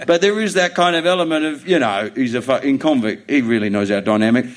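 A middle-aged Australian man, a comedian guest in a casual podcast chat, telling stories in a blunt, profane, animated way. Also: fairly high pitch, normal speed.

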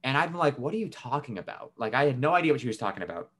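A man's voice: medium pitch, sing-song, very fast, fairly bright tone, husky. A young man co-hosting a podcast, telling a family story in a casual, swearing, laughing way. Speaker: podcast co-host.

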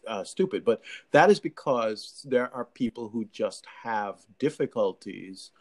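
A Jamaican man with a Jamaican accent hosts a live radio talk show in a lowish, unhurried voice. He's animated, laughs often, and stammers through restarts.

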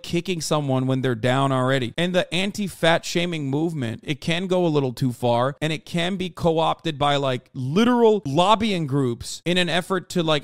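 A man's voice: on the high side, no room sound. A man hosting a live podcast, giving a heated, profane and sarcastic rant into a close microphone. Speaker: streamer podcast host. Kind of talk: ranting live commentary.

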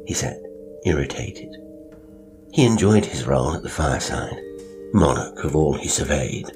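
Very deep-voiced male story narrator. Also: lively intonation, normal speed, pauses often, music in the background.

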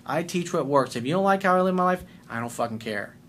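A man's voice: a little high, lively intonation, quick pace, a bit bright. Blunt, swearing man ranting. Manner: blunt, combative, heavy swearing. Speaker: life coach. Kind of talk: profane rant to camera.

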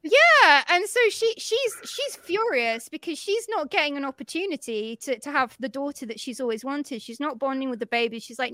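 A woman co-hosting a podcast, recapping a film in casual chat, animated and sweary, acting out the characters' lines. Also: fairly high pitch, a little fast, no echo. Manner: animated storytelling, acts out quotes, swears freely. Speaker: podcast co-host.

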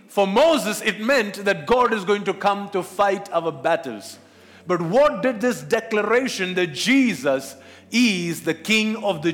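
A man's voice: high-pitched, fairly bright tone. A man preaching a sermon as pastor, asking questions of the congregation. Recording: long hall reverb.

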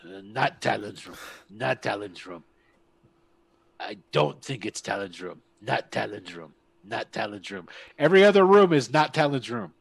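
A man's voice: mid-range voice, very animated, moderate pace, creaky. A man voicing a nervous male goblin servant who talks in choppy broken grammar.

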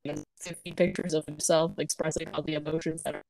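A woman co-hosting a podcast who recaps a cartoon episode in casual chat, sarcastic and quick to mimic the characters in silly voices. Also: sits low, flat delivery, creaky, a little mellow, slight background noise. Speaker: podcast co-host.

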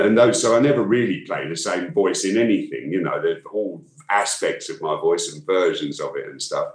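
London man, very low voice, eager interview chatter, roomy echo. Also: moderate pace, few pauses. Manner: enthusiastic, chatty, frequent restarts. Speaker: voice actor guest. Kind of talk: casual interview chat.

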